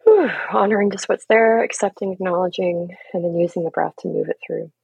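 A gentle, earnest woman coach speaking as a podcast guest. Her lowish voice carries a gravelly, husky edge, and she laughs easily between thoughts. The sound is close and dry, with no room around it. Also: brisk, no echo, poor audio. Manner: gentle and earnest, laughs often, leans on "right?" and "you know". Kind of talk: reflective conversational talk.

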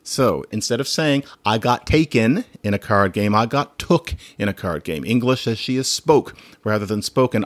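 A man's voice: fairly low pitch, expressive, moderate pace, hardly any pauses, no room sound. A man hosting a solo podcast, talking in a chatty, digressive way and laughing now and then. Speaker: podcast host.

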